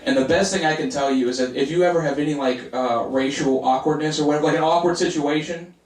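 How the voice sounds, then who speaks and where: A man's voice: fairly high pitch, fairly even intonation, fast talker. A man from Oklahoma performing a casual stand-up comedy set, full of "like" and rhetorical asides. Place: comedy club. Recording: echoey club, distant mic, crowd laughter. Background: audience laughter.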